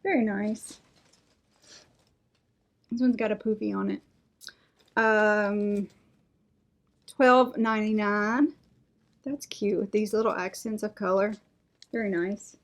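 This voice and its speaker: A middle-aged woman, chatting excitedly as she unboxes craft items and reads out prices. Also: mid-range voice, takes it slowly, long pauses. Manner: gushing, enthusiastic, reads out prices. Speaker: unboxing vlogger. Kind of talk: casual unboxing chat.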